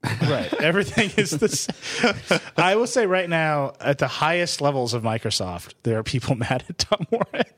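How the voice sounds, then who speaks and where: A man's voice: a little high, lively intonation, moderate pace, a bit bright, dry recording, studio quality. A man hosting a podcast who tells rambling stories full of fillers in casual chat. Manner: rambling, filler-heavy storytelling. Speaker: host.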